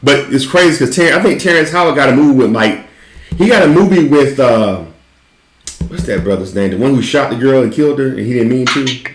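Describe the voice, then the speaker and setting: A man's voice: medium pitch, expressive, fairly quick, roomy sound. A man hosting a casual chat, loose and profane, laughing often. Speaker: host.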